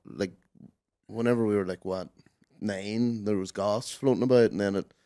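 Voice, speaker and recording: A young man speaks in a lowish voice, laid-back and a bit mumbly, dropping dry asides as podcast co-host. The sound is dry and close to the mic. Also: fairly even intonation, moderate pace, dark tone, no echo. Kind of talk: casual comedy podcast chat.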